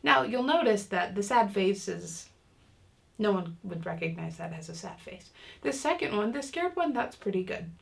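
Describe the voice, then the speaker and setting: A woman's voice: medium pitch, expressive, moderate pace, gravelly. A woman teaching a casual online parenting lesson, talking in a chatty way with many fillers and restarts. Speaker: parenting class instructor.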